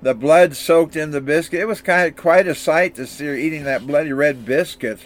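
A man's voice: on the high side, moderate pace. Earnest older male preacher. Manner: earnest, storytelling delivery with small restarts. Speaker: pastor. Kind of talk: sermon with scripture reading and anecdotes.

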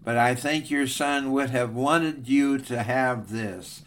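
Humble young soldier guy, earnest and grateful, as a preacher puts him on, ordinary pitch. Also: slow, fairly bright tone.

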